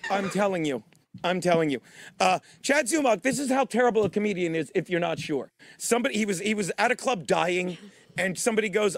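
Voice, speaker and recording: A man's voice: high voice, expressive, brisk, creaky, dry recording, clean studio sound. A man ranting profanely on a stream clip, heated and rambling. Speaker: commentator in a played clip.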